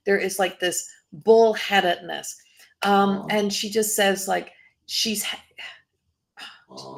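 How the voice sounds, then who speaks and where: A woman psychic medium giving a live reading, her voice carrying a gravelly, fry-edged texture. She rambles and restarts her sentences, breaking into laughs now and then, and her pitch stays in a middling range for a woman. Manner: rambling, self-interrupting, laughs often.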